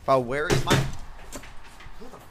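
A young man streaming a game, frustrated and ranting, with lots of swearing, dropping from low mutters to loud yells. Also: big pitch swings, unhurried, very noisy.

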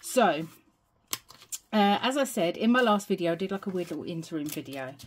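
A woman's voice: lowish voice, animated, fairly quick, a little hiss or hum. A young British woman chatting casually to camera at home, rambling and a little out of breath. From United Kingdom. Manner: chatty, rambling, self-deprecating. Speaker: budgeting vlogger. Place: home, evening.

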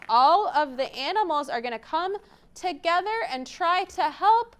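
Lively, sing-song storytime librarian woman. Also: very high-pitched, a little slow. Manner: animated, sing-song read-aloud for small children. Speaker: children's librarian. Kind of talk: children's storytime reading.

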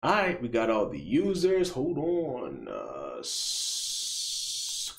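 A man streaming a mobile game live, chatting casually and playfully with slang while running giveaways and drawn-out countdowns. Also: medium pitch, huge pitch swings, vocal fry, fairly bright tone, echoey room.

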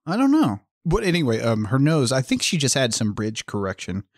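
A man's voice: mid-range voice, wildly swooping pitch, brisk, dry recording, clean studio sound. A man voicing a mischievous male leprechaun with a put-on accent that fades in and out. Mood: mock-lilting.

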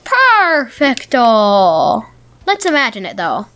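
Woman let's-play host, excitable running commentary, high and bright-sounding, faint game music under her. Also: takes it slowly, smooth. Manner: excitable, talks to game characters. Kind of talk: casual gameplay commentary.

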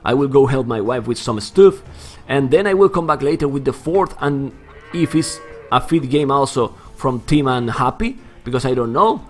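A young adult man with a Spanish accent, whose first language is Spanish, casting a strategy game live in excitable, animated commentary, keeps saying "man". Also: medium pitch, normal speed. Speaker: game caster.

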